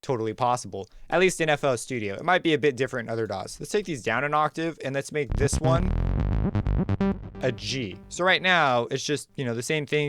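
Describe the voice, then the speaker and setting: A man hosting a music production tutorial, talking casually and thinking aloud as he walks through a software workflow. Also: mid-range voice. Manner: relaxed, conversational, thinks aloud while clicking. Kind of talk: screen-recorded software tutorial.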